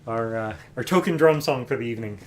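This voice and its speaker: A man hosting a music livestream from home, casually explaining a song between numbers, relaxed and rambling with fillers. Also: medium pitch, fast, slight background noise. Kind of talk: casual chat between songs. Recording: guitar playing loudly behind.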